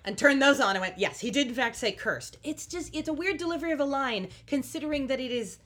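A woman in casual podcast chat, wry and animated as she recaps a TV episode. Her voice sits a little high. She slips into the characters' lines as she goes. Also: quick pace. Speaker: podcast co-host recapping a show.

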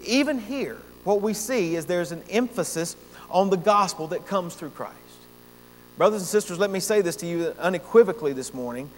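High-voiced preaching man in a reverberant church. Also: expressive, moderate pace. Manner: earnest preaching with emphatic repetitions. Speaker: pastor. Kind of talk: sermon. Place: church sanctuary. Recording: long church reverb, faint hum.

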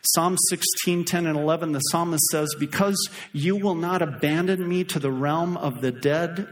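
A middle-aged male pastor delivers a sermon with animated energy, slipping into acted-out voices to make his points. His voice sits somewhat high for a man. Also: moderate pace. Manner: animated, acts out voices for emphasis.

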